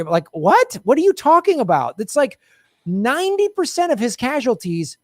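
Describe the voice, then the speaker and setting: A man hosting a casual political talk show, talking in an animated, indignant way and mocking people in quoted voices. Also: very high voice, moderate pace, no echo, studio quality. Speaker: podcast host.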